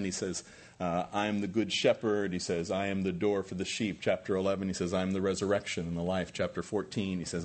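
A man in his sixties, a pastor preaching an earnest sermon and building emphasis through repeated phrases. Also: low voice.

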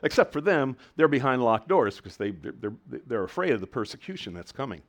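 A man preaching a sermon as pastor, animated, with emphatic swells in volume and frequent restarts of his phrases. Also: medium pitch, fairly quick.

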